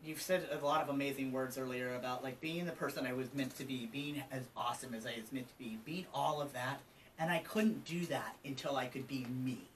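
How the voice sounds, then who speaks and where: In a casual, candid interview, a trans advocate from Colorado, USA, almost fifty, tells personal stories with plenty of ums and side remarks. He speaks briskly in a mid-range voice. He's far from the mic, slightly off to the side, and the low-quality recording carries faint ambient noise.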